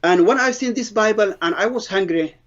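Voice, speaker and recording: Middle-aged guy telling his testimony, slightly high voice, halting and earnest, dull lo-fi sound. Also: a bit bright. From Somalia. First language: Somali. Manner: halting, earnest storytelling with broken English grammar. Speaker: interviewee giving a testimony. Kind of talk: personal conversion testimony.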